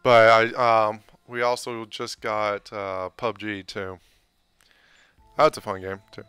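A man co-hosting a casual stream, reading chat aloud and talking in a relaxed, hesitant way with many fillers. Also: fairly low pitch, slow, clean tone, no room sound, faint music behind.

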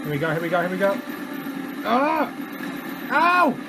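A man giving excitable let's play commentary, swearing often and cheering over the game. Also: high voice, brisk, background noise. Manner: excitable, swears a lot, shouts and laughs. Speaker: gamer.

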